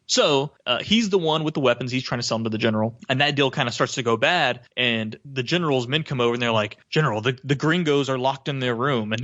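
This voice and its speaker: A man's voice: medium pitch, a bit bright, dull audio. A man co-hosting a podcast, recapping an episode in casual chat and acting out characters' lines in funny voices. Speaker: podcast co-host.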